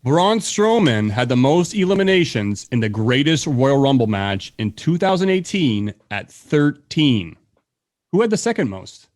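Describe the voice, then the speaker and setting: A man with a Canadian accent hosting a casual trivia quiz, reading the questions out slowly and bantering in a laid-back, profane way. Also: medium pitch, sing-song, a little mellow.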